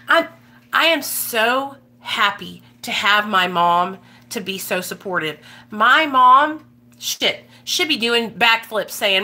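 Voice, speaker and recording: Blunt, bright-voiced woman vlogger. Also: a little high, unhurried. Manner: blunt, emphatic, swears, repeats herself. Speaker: recovery vlogger. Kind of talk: casual motivational vlog talk.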